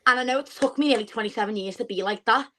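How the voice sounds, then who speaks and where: A woman, a podcast guest chatting casually and telling stories with lively quoted asides. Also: a little high, very fast, rough recording. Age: 20s. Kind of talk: casual chat.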